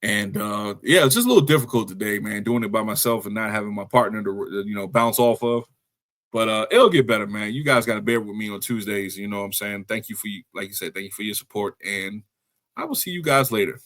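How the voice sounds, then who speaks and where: A man's voice: on the low side, fairly quick, fairly bright tone. A man hosting a wrestling podcast alone, recapping the show in a loose, rambling way with slangy asides to his listeners, tired after a long day. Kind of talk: casual solo show recap.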